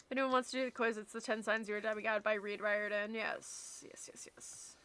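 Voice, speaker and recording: A woman's voice: mid-range voice, fairly even intonation, fast talker, pushed and bright, smooth. A young woman streaming and chatting casually with her viewers, reading chat aloud and laughing easily.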